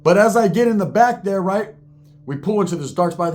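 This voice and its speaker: A man's voice: high voice, expressive, brisk, darkish tone. A man telling a wild personal story in casual, profane, slang-filled talk, acting out the people he quotes.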